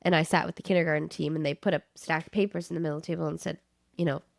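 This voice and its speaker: A woman's voice: sits low, steady tone, racing, vocal fry, no echo. A woman co-hosting a podcast, telling stories in a casual, jokey way and slipping into silly voices. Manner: jokey storyteller who slips into silly voices. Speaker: podcast co-host. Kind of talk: casual chat.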